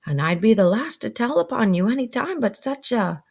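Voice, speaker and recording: A woman doing a slow, earnest, kindly working man. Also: fairly high pitch, sing-song, creaky, darkish tone, husky, full character voice. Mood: solemn worried. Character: gentle, simple-hearted grown man, kindly blacksmith.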